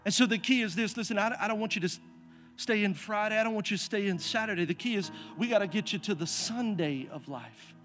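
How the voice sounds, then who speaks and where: High-voiced pastor preaching, hushed to emphatic. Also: male voice, fast, faint music behind. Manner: swings from hushed to loud and emphatic, calls the congregation to respond. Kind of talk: sermon with personal story.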